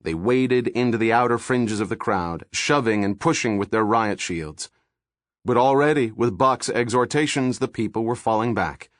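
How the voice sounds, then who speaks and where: A man reading a thriller audiobook in steady, measured narration, recorded on a studio microphone. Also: mid-range voice, dry recording.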